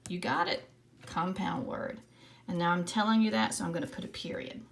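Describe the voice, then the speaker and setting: A woman's voice: fairly low pitch, fairly even intonation, fairly quick, gravelly, slight background noise. A woman teacher giving a patient writing lesson to young children, sounding out letters and syllables one by one.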